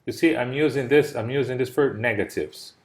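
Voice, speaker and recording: A man's voice: medium pitch, fairly quick. Male tutor on a video call. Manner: explains patiently with examples, checks understanding. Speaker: English tutor. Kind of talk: online English lesson.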